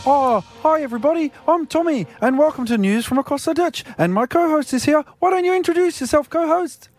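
A male radio host playing a chirpy newsreader in a put-on New Zealand accent, squeezing out a high, lilting voice. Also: fairly quick, darkish tone, soft background music. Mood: mock-cheery.

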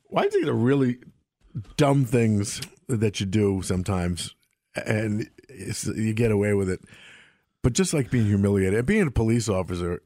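A man's voice: fairly low pitch, animated, normal speed, mellow, dry recording, studio quality. A middle-aged man, a former police officer, telling rambling self-mocking stories with laughter on a talk show. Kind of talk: casual storytelling on a sports talk show.

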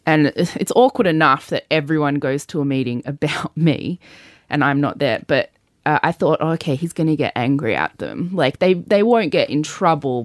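A woman hosting a podcast, recounting a personal story in loose, chatty talk. Her voice sits on the low side and is recorded dry and close, with no room sound. She fills her sentences with "like" and drops the occasional swear word. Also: dry recording. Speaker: podcast host. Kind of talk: personal storytelling in casual chat.

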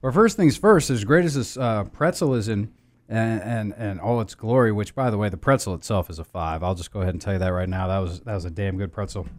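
A man hosting a beer podcast in casual chat, rambling with restarts and fillers and jumping up and down in pitch and loudness. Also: a little fast.

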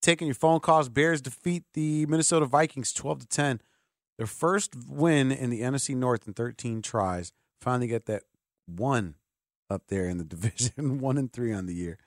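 A man hosting a sports talk radio show, animated and joking, often jumping in over the others. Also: medium pitch, normal speed, no echo, studio quality.

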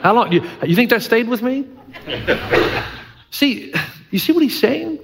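A man's voice: extremely high pitch, big pitch swings, measured pace, gravelly, very noisy. A middle-aged male pastor preaching a sermon, earnest and emphatic, with folksy humor and repeated key lines. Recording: long church-hall reverb.

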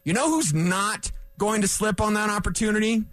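Sports radio guy ranting in the studio, high voice, dry close sound, emphatic and combative. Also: normal speed, a bit bright, no echo. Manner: emphatic, combative, repeats points for punch. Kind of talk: fired-up sports talk rant.

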